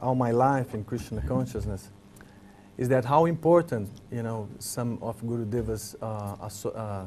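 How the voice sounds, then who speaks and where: A man with an Italian accent recalls past years in an easy conversation. He speaks English as a second language, often stops and restarts to find the right word, and his voice sits at an average pitch. A faint hiss runs under the recording. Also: darkish tone. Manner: halting, searching for English words with many restarts. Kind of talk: casual reminiscing conversation.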